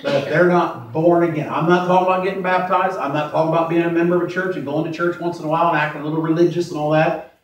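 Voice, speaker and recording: A man in his forties preaching a sermon as pastor, plain-spoken, repeating himself and slowing down to stress verses. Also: fairly high pitch, steady tone, muffled recording. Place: church sanctuary. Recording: echoey church from far off.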